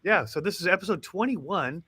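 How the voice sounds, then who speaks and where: A man's voice: high voice, expressive, moderate pace, bright, forceful tone, breathy edge. A man co-hosting a morning show, playful and hyped up, joking around with his partner. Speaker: co-host. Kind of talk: casual morning show banter.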